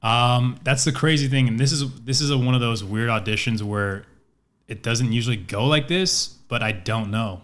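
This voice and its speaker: A man co-hosting a podcast in casual chat, rambling through stories and getting animated when retelling them. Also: medium pitch, moderate pace. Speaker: podcast co-host.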